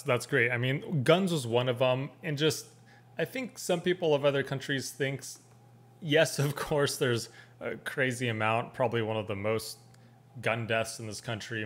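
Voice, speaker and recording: A young man talking through a reaction video in a relaxed, rambling way. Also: medium pitch. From California. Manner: easygoing, rambling, repeats words. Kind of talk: casual commentary.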